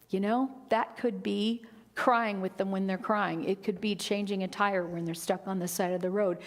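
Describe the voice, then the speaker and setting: A middle-aged woman minister giving a sermon, expressive, rising for quotes and dropping to a near whisper. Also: medium pitch. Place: church sanctuary. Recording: long hall reverb.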